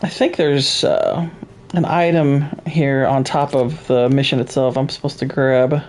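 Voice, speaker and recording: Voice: medium pitch, flat delivery, unhurried, a little mellow, faint music behind. A game streamer chatting casually with viewers while playing, laid-back and laughing often. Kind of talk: casual let's play chat.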